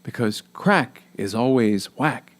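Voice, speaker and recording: A man's voice: mid-range voice, lively intonation, slow pace. A man co-hosting a podcast, reading funny news stories aloud with a wry edge.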